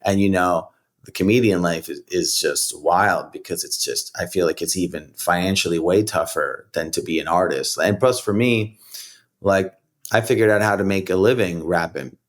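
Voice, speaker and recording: A man's voice: low voice, normal speed. A middle-aged man, a rapper and comedian telling stories in a casual interview, rambling with lots of "like" and "you know". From United States. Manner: rambling, animated, many "like" and "you know" fillers. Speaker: rapper and comedian, podcast guest.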